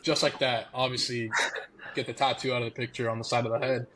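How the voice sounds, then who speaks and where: A young man, a former college ballplayer, telling stories as a podcast guest in a casual, animated way, laughing often and acting out quotes. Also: mid-range voice, fast talker, noisy background. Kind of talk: casual storytelling.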